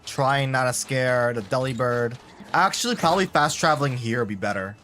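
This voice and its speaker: A man's voice: mid-range voice, normal speed, bright, forceful tone, a little hiss or hum. A man live-streaming a video game, chatting casually and rambling to his viewers. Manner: chatty, rambling, talks to chat. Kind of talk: casual gameplay commentary.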